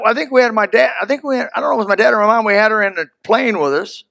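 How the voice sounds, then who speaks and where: High-pitched male preacher, folksy storyteller, bursts of loud emphasis. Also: rapid-fire, vocal fry, dry recording, studio quality. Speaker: pastor. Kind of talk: sermon.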